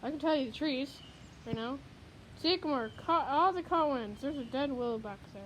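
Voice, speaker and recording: This storm vlogger, recording on her handheld phone outside by a house and later a garage, narrates the windstorm with excited, exclamation-filled breathlessness. She speaks a little fast in a high, animated, slightly bright voice. The recording is rough, with some background noise.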